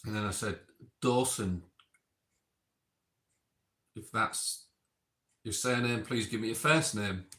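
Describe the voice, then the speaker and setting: Bright-voiced man in a roomy space. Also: on the low side, takes it slowly, pauses often. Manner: reads timestamps and quotes, chatty asides. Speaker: experiment host reviewing session notes. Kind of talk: casual recap reading out logged remarks. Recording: roomy echo.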